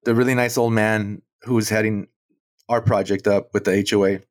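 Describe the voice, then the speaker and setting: Muralist guy telling a story, animated, does the voices of people he quotes, dry close sound. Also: on the low side, moderate pace, no echo. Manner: animated, acts out quoted dialogue, chuckles between points. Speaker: muralist guest. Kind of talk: storytelling interview.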